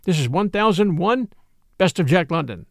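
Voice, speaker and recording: A man's voice: high voice, animated, normal speed. A man narrating an adventure story as host and storyteller, in a dramatic audiobook reading. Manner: dramatic audiobook reading, voicing each character. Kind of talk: scripted narration.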